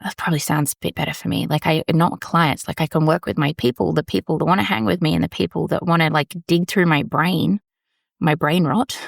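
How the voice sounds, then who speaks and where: A woman's voice: low-pitched, fairly quick, vocal fry, no echo, clean studio sound. A woman, talking candidly and rambling on her solo podcast from a small storage room. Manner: candid, rambling, swears casually. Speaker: podcast host. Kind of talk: casual solo podcast monologue.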